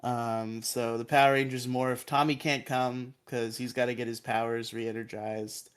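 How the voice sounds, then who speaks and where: A man of middle pitch co-hosts a laid-back podcast. He recaps episodes with jokes and digs at himself. He argues his points with firm insistence. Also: flat delivery, unhurried, clear, resonant tone. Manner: joking, insistent, self-mocking. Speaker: podcast co-host.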